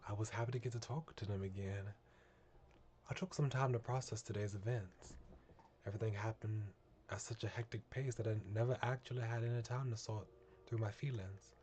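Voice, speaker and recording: Fields: Sex: man. Role: streamer reading game narration. Pitch: low. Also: fairly even intonation, darkish tone, a little hiss or hum. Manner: measured, earnest, with small restarts. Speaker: streamer reading a visual novel.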